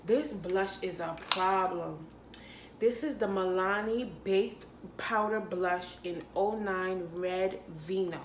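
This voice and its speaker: A young woman makeup artist walks her viewers through a casual makeup tutorial in a sassy, playful way, laughing and calling them honey. She speaks at an unhurried pace. The room around her rings with echo, and a faint hum of ambience sits behind her. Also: medium pitch. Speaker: makeup artist and beauty vlogger. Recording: echoey room.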